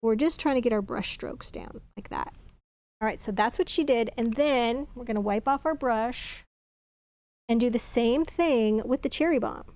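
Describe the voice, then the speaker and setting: Woman, crafting tutorial host, slightly high voice, chatty and thinking aloud while she works. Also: normal speed, a little mellow, no room sound. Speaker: craft demonstrator.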